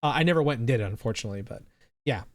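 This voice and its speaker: A man's voice: medium pitch, expressive, very fast, dry recording. A man streaming live, chatting casually and rambling, swearing freely and answering his chat.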